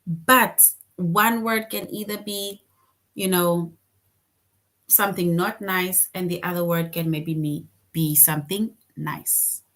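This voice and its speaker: Female teacher, slow unhurried delivery, patient question-led explaining. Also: fairly low pitch, steady tone, fairly bright tone. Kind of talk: online class lesson.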